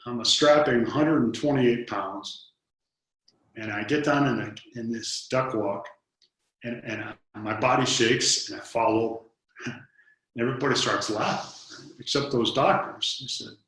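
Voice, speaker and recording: In a very echoey room, a man in his fifties from Detroit, United States, shares personal stories as an interview guest. His mid-range voice is steady, fairly bright and at normal speed, and he earnestly acts out dialogue, frequently repeating words as he begins a thought.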